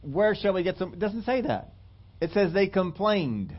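Man, preacher, sermon, fairly high voice, acts out whiny questions, slow emphatic points, muffled lo-fi sound. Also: sing-song. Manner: acts out whiny complaining questions, then drops low and emphatic. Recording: dull lo-fi sermon recording.

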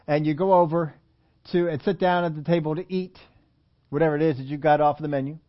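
A man delivers a conversational sermon, often asking his listeners questions and acting out quoted voices. His voice sits a little high for a man. The audio is dull and lo-fi. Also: fairly even intonation, brisk. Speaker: preacher.

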